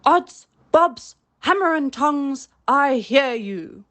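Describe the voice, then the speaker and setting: A woman reading aloud voices a cheeky boy boldly mimicking a pirate captain, loud and mocking. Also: high voice, lively intonation, takes it slowly, pitched above the performer's own voice, full character voice.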